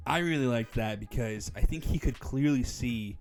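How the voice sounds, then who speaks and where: A man giving a casual spoken movie review, animated, often acting out characters' lines in a raised voice. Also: mid-range voice, normal speed, faint music behind.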